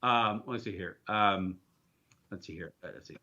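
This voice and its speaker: A man's voice: fairly low pitch, moderate pace, bright, forceful tone, lo-fi sound. A man hosting a casual livestream, rambling and joking as he reads viewer comments. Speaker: livestream host.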